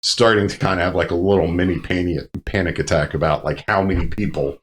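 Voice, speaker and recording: A man, a Marine veteran, telling stories in casual chat, profane and animated with loud bursts. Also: deep voice, fast, a little hiss or hum. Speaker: podcast guest, Marine veteran.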